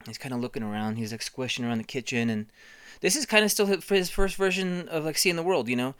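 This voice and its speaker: A comedian telling a rambling, profane improvised story in a deadpan way. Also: mid-range voice, smooth, no echo.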